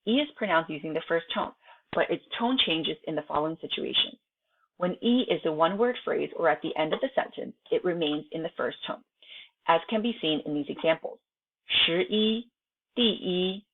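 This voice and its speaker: A woman's voice: low-pitched, lively intonation, a little fast, a little hiss or hum. A woman teacher whose first language is Chinese, reading a textbook lesson aloud and breaking off to chat to her students with frequent "right?" tags. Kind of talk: recorded online lesson. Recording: tinny phone-like home recording.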